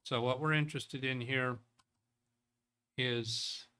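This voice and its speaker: A man's voice: mid-range voice, fairly even intonation, slow, bright, forceful tone, slight background noise. A man hosting a live tech show, reading viewer chat and thinking aloud in a loose, rambling way. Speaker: tech livestream host.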